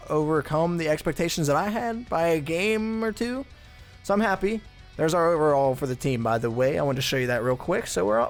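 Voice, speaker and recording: A man commentating his own football video game play in a casual, chatty way, thinking aloud with blunt asides. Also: a little high. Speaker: gaming channel host.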